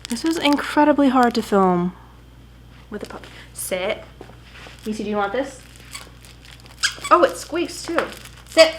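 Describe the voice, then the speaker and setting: Young woman, bit high-pitched, chatty home vlog, camera mic, keeps telling her pup to sit. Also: lively intonation, measured pace, pauses often, slight background noise, rough recording. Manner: chatty, keeps breaking off to scold and praise a puppy. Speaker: vlogger. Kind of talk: casual unboxing vlog.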